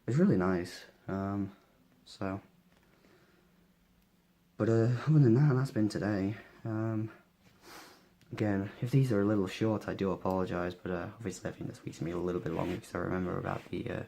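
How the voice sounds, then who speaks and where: A young man with a cold, sniffly and a bit hoarse, talking tiredly through a casual daily vlog with lots of fillers. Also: sits low, steady tone, a little fast, warm tone. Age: young adult. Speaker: vlogger.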